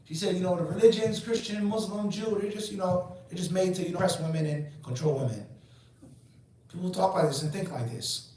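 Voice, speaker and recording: A man's voice: high voice, brisk, darkish tone. A man in his forties giving an emphatic Islamic lecture, asking rhetorical questions and answering them himself. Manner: emphatic and preachy. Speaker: Islamic teacher. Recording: very echoey room, mic far off.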